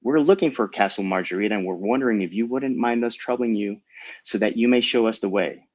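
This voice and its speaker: A composed, formal male vampire lord, serious yet courteous, as a man reads him aloud. The voice is low and steady. It comes through a dry, dull mic. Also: fairly quick, no room sound, lightly acted. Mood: calm, courteous.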